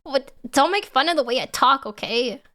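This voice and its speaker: A woman's voice: high-pitched, expressive, moderate pace, bright, forceful tone. A woman streamer chatting casually and giggling as she sets up a reaction video. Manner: giggly, self-teasing, chatty.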